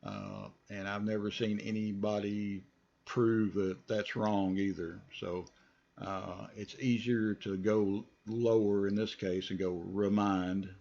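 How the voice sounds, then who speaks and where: A man teaching English pronunciation, modeling words slowly and deliberately for the listener to repeat, with relaxed asides in between. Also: on the low side, vocal fry, dull audio. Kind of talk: pronunciation lesson with repeat-after-me drills.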